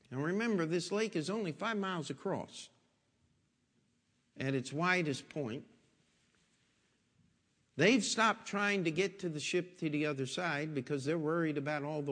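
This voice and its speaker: A man's voice: a little high, normal speed, long pauses, fairly bright tone. A man pastor preaching a sermon in a folksy storytelling way, asking rhetorical questions, in a church. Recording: long echoing hall reverb.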